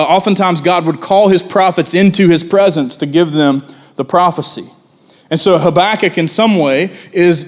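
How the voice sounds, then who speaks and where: A man in his thirties preaching as a pastor, his voice sitting a little high for a man. He talks to the congregation in a conversational way and climbs into loud, pleading outbursts as he acts out a prophet's complaint. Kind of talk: sermon.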